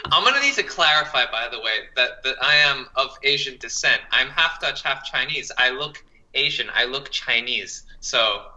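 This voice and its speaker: A man's voice: mid-range voice, expressive, normal speed, sharp tone, poor audio. A man chatting casually on a podcast, often repeating his words. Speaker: podcast co-host. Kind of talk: casual chat.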